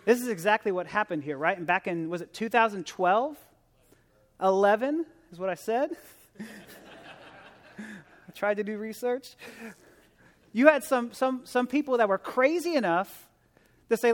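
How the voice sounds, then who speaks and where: With a high, expressive, fairly bright voice at normal speed, this man pauses often as he preaches as a guest in a church sanctuary. He is earnest and conversational, frequently restarting and repeating himself, then building to emphatic exhortation, all under the long reverb of a big church hall.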